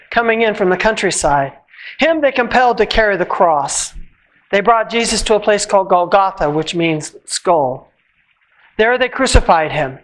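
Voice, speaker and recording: A church reader delivers a Passion narrative in a measured, solemn way at a service. The voice sits in a middle pitch range and slows at the ends of phrases. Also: a bit bright, low-quality recording. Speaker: scripture reader.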